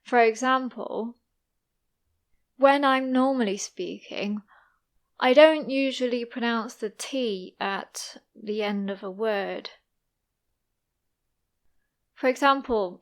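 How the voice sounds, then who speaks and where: A young woman with an East Midlands English accent teaches English in a clear, unhurried monologue. She talks slowly and pronounces each word with care. Her voice sits a little high. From East Midlands, England. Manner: careful, deliberate pronunciation. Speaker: English teacher, podcast host.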